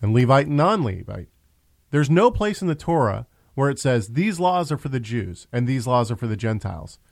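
A man's voice: medium pitch, sing-song, normal speed, creaky, no room sound. A man hosting a casual religious discussion show, talking in a conversational way with frequent restarts. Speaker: host.

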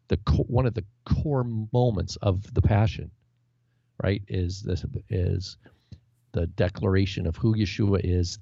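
A man with a low, heavily gravelly voice talks through scripture in loose, searching phrases, often restarting mid-thought. His tone is dark and mellow. The audio is dull and lo-fi but dry. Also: dry recording. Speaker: co-host of a Bible discussion. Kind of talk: casual scripture discussion.

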